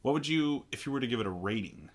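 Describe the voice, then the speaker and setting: A man's voice: medium pitch, lively intonation, fast. A young man co-hosting a casual movie podcast, weighing his opinions with many restarts and putting questions to his co-host. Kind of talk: casual movie review chat.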